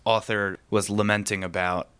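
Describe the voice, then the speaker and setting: A man's voice: on the low side, flat delivery, moderate pace, a bit bright, clear, resonant tone. A man co-hosting a finance podcast in casual chat, sarcastic and emphatic, laughing often. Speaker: podcast co-host, financial advisor.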